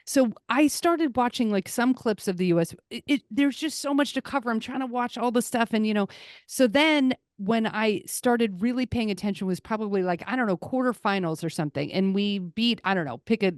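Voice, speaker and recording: A woman's voice: on the high side, fairly quick, no room sound, studio quality. A woman hosting a podcast, gushing and rambling through casual sports talk. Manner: excitable, gushing, rambling storyteller. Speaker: podcast host.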